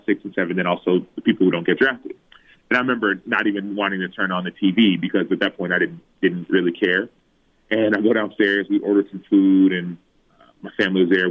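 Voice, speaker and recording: A man in his thirties, a former pro football player, telling a personal story as a podcast guest and acting out his own past words. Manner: animated, acts out his own past words with big pitch jumps. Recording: phone-like narrow audio.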